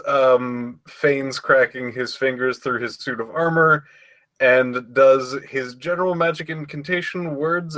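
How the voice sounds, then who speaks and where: A man's voice: mid-range voice, pushed and bright. A man playing in a tabletop game, often laughing and hesitating with ums. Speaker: player.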